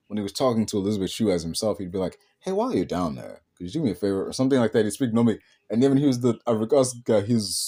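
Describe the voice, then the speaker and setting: A man's voice: lowish voice, dark tone. A man, a podcast host rambling casually about films with many fillers and restarts. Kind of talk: casual film talk.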